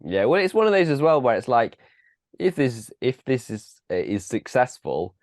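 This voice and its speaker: Lively man in dry close sound. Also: mid-range voice, normal speed, dry recording. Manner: laughing, reactive asides. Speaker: podcast guest. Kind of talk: casual film review chat.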